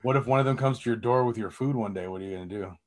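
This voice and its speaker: A man's voice: mid-range voice, very fast, darkish tone. A man in a casual chat, laid-back and teasing in his reactions.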